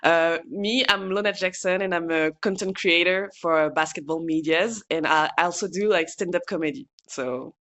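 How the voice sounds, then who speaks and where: A woman from France chats on a podcast in a crisp, bright voice. She is playful and giggly, stumbling over her words now and then. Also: fairly low pitch, moderate pace, few pauses. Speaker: content creator and stand-up comic. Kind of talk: casual podcast chat.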